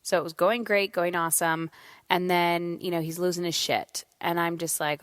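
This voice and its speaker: A woman in her thirties hosting a podcast, telling a story in a candid, animated way and swearing freely. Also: on the low side, normal speed, dry recording, studio quality. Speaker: podcast host. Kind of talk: casual solo monologue.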